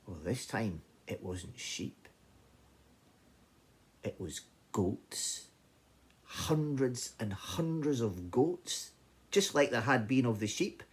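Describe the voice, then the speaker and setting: A Scottish man telling an old folk tale in a lively, conversational way. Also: medium pitch, slow pace, pauses often, husky. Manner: animated, conversational narration. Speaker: storyteller. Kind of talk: oral folk-tale storytelling.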